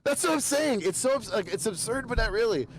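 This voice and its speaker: A man with a high, very lively voice co-hosting a casual podcast. He talks excitably and restarts his sentences often. A faint noise sits under the voice. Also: a little fast. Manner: excitable, lots of fillers and restarts. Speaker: podcast co-host. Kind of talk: casual sports and pop culture chat.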